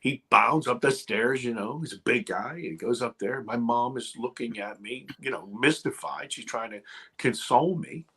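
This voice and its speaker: A middle-aged man with a husky, slightly breathy voice tells a dramatic personal story on a podcast. He swings between loud, urgent bursts and hushed near-whispers and keeps restarting his sentences. His pitch sits in a plain middle range. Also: normal speed. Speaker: guest filmmaker. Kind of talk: animated storytelling.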